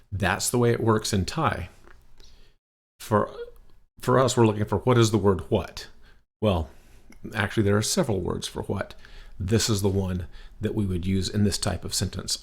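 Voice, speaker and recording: A man's voice: on the low side, fairly even intonation, moderate pace, creaky, husky. A man teaching a recorded beginner language lesson, patient and encouraging, checking in with "okay?" as he explains.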